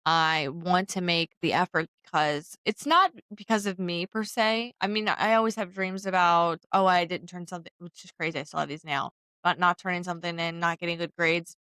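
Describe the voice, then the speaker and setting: Smooth low-voiced woman in casual chat. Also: moderate pace, hardly any pauses, sharp tone, no echo. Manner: candid, reflective, with many fillers. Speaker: co-host.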